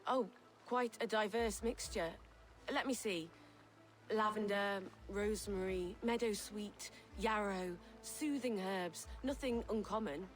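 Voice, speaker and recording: An actress voicing a gentle woman herbalist in a video game, soft-spoken and earnest. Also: medium pitch, slow pace, faint music behind, close to an everyday voice, low-quality recording.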